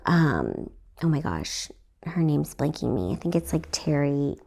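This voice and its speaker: Hoarse young woman, chatty and rambling. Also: sits low, big pitch swings, unhurried, a little mellow. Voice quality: slightly raspy, recovering from lost voice. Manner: chatty, rambling, laughs often, acts out voices in quotes. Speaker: podcast host and stand-up comedian. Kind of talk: casual storytelling.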